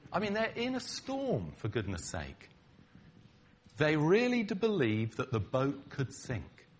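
A man's voice: on the high side, slight background noise. A middle-aged man, preaching a conversational sermon to his congregation, bantering with them and acting out quoted lines. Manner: acts out quoted lines dramatically. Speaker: pastor.

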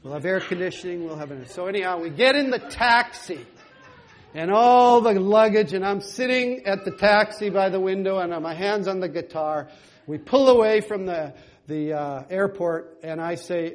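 Animated high-voiced man preaching a story. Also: moderate pace. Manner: animated, laughing storyteller who breaks into song. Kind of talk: sermon storytelling.

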